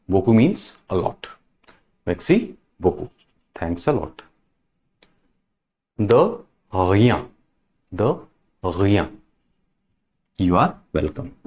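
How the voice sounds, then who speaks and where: A male language teacher with a fairly low voice that still swings widely in pitch as he stresses each word. He moves slowly and patiently, repeating every greeting before explaining it. His delivery is that of a teacher drilling new vocabulary. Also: a little mellow. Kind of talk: French lesson, repeating words.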